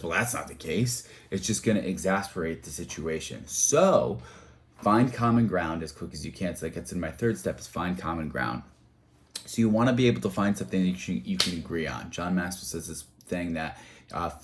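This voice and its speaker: A man giving practical advice on handling conflict in a conversational talk, repeating key phrases for emphasis and moving between emphatic bursts and quieter asides. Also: low-pitched, a little hiss or hum. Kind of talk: motivational talk to camera.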